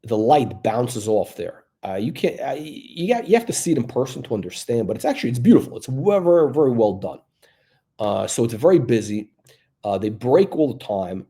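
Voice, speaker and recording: A man's voice: medium pitch, sing-song, brisk, warm tone. A male watch channel host giving blunt, crude, rambling off-the-cuff commentary.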